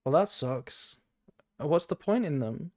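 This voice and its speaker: A man's voice: on the high side, animated, unhurried, a little mellow. A man with a British accent streaming a game, thinking aloud in rambling casual chat. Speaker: gaming streamer.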